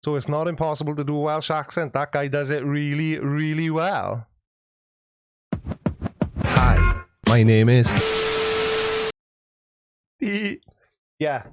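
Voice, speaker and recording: A man's voice: fairly high pitch, normal speed, over music. Jokey man reading live chat. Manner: chatty, jokey, self-deprecating. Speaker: YouTube host. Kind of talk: livestream chat reading viewer comments.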